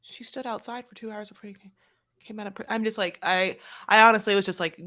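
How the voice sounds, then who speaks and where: A woman's voice: mid-range voice, fast talker. A woman co-hosting a podcast, recapping a reality show in casual chat, full of fillers and acted-out quotes. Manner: animated, acts out quotes, heavy filler "like". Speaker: podcast co-host.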